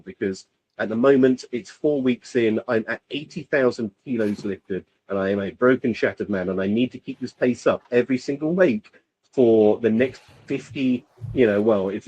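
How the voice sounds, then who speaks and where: A man's voice: medium pitch, a little mellow, low-quality recording. Man from the UK, casual podcast chat, rambling, lots of ums. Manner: rambling, filler-heavy. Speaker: podcast co-host.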